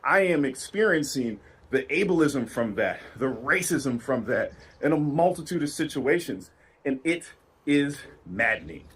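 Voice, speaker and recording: A man's voice: medium pitch, lively intonation, a little slow, a bit bright, breathy edge, low-quality recording. A man giving a lecture-style talk in a passionate, emphatic way. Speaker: speaker in a played talk clip.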